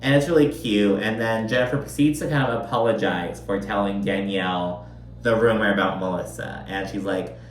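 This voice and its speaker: A man's voice: on the low side, moderate pace, a little hiss or hum. Man, casual recap commentary, chatty and profane, roomy echo, mic at a distance. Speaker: reality TV recap host.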